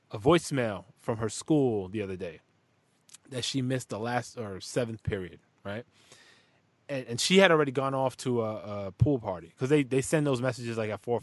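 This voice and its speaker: A man chatting casually as a father, rambling and profane in animated stories. His voice sits at a middling pitch. The sound is dry and close, with no room echo. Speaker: podcast host and father. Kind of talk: casual chat.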